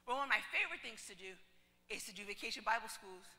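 A woman pastor telling a story in a sermon, animated, often dropping to a hushed whisper. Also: fairly high pitch, fast talker, long reverb tail. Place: church hall.

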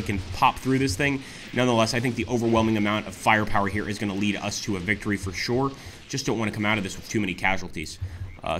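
A man hosting a let's play, commenting excitedly on a strategy war game and often exclaiming to his viewers. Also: fairly low pitch. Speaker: gaming channel host.

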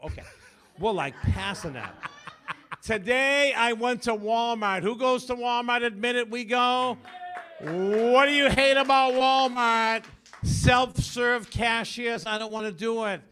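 A man in his sixties working through a stand-up set. His voice sits high and rings bright and forceful. He lands short one-liners in quick bursts. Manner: punchy joke delivery, bursts into loud sung parody. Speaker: stand-up comedian.

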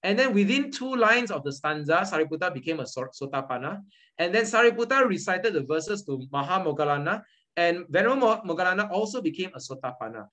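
Man, Malaysian English accent, online tutor, somewhat high-pitched, repeats himself, patient lecture. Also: animated, fast talker, pushed and bright, rough recording. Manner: repetitive, patient teaching with frequent "okay" and "all right". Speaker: Buddhist study group tutor. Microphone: video call.

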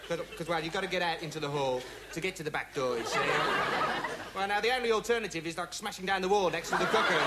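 A man's voice: on the high side, close to an everyday voice. An actor playing a dim young male amateur investigator who rambles through a comic monologue with pointless asides. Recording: loud studio audience laughter, noisy broadcast. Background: studio audience laughing.

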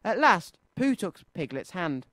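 A male children's radio presenter reads a storybook aloud. His pitch swoops lively and sing-song. The sound is dry and close. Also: measured pace, dry recording.

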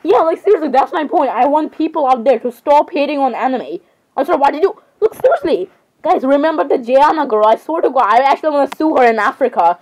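Teen girl gamer, high and excitable, rambling dramatic commentary. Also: quick pace, poor audio. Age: teens. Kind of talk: casual gameplay chatter.

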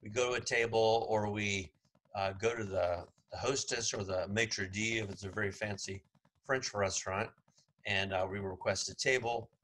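Low-voiced chatty male professor. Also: steady tone, moderate pace, a bit bright, a little hiss or hum, poor audio. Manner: chatty, sarcastic asides, many fillers. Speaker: college psychology professor. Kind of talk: classroom lecture.

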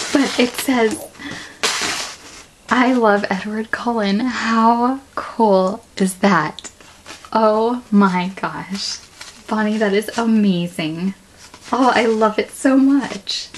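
A woman vlogger gushing and breathless as she opens a package, shaking with excitement and often dropping to a whisper. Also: medium pitch, noisy background. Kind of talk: excited unboxing vlog. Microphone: camera on tripod.

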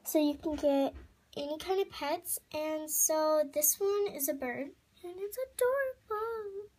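A woman casually unboxing a toy, gushing over how cute it is and filling pauses with lots of ums, recorded on a phone. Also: high-pitched, a little mellow. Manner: hesitant, full of ums, gushing over cuteness. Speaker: toy reviewer. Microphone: phone camera.

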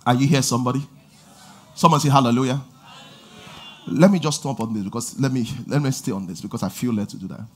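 A middle-aged man preaching a sermon in a church, with animated delivery and sudden loud exhortations. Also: mid-range voice, fast talker, pauses often. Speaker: pastor. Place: church auditorium.

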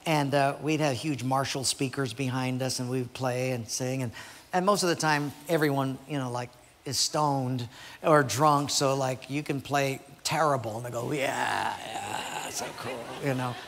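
A man's voice: medium pitch, normal speed, big-room sound. A man, a pastor, preaching a sermon and telling stories with acted voices. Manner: storytelling with acted voices, animated. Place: church sanctuary.

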